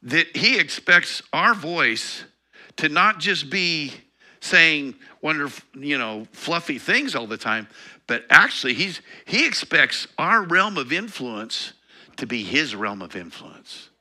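Bright-voiced man preaching conversationally. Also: fairly high pitch, big pitch swings, slow. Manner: conversational teaching with laughs and self-corrections. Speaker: pastor. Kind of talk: sermon.

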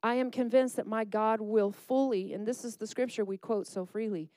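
Lady preacher, warm mellow voice, punchy rhythmic sermon delivery, dry close sound. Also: on the high side, fairly even intonation, normal speed, no echo. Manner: emphatic, rhythmic preaching with call-and-response asides.

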